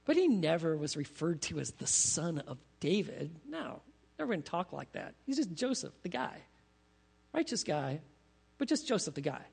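A man preaching a sermon as pastor, animated, asking his congregation questions as he teaches. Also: fairly high pitch, moderate pace, gravelly, breathy edge. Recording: long reverb of a large hall.

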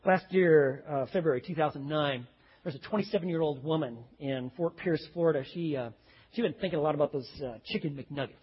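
A man's voice: on the high side, fairly quick, slightly rough, big-room sound, dull audio. A man preaching a sermon, telling stories and acting out the voices of the people in them. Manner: animated storytelling, acts out quoted voices. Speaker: pastor.

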